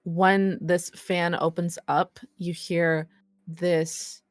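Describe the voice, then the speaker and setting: A woman narrating as game master of a tabletop role-play, deliberate and unhurried with occasional fillers. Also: on the low side, little pitch movement, dry recording, soft background music.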